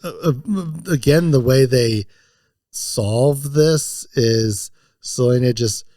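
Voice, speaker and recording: A man's voice: medium pitch, takes it slowly, warm tone, no echo, clean studio sound. A man hosting a podcast in casual chat, talking loosely and laughing often as he recaps scenes. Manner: chatty, laughing often, fond of swearing and quoting scenes. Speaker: podcast host.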